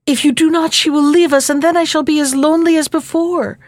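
A woman's voice: high voice, lively intonation, moderate pace, dry recording, clean studio sound. A woman voicing a young princess who pleads and begs in an eager, tearful way. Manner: eager, imploring.

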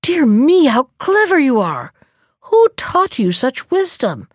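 A woman voicing a proud, hungry male lion with a quick temper in a storybook reading, speaking grandly. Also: medium pitch, expressive, dry recording, clean studio sound, close to an everyday voice.

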